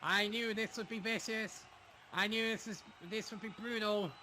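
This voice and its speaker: A man calling a wrestling match play by play, dramatic and quick to laugh. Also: sits high, steady tone, pushed and bright, slight background noise. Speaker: play-by-play commentator.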